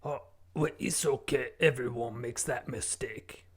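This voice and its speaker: A man's voice: medium pitch, a little slow, breathy edge. A man voicing a pompous male author with an odd put-on accent he claims is French. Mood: evasive.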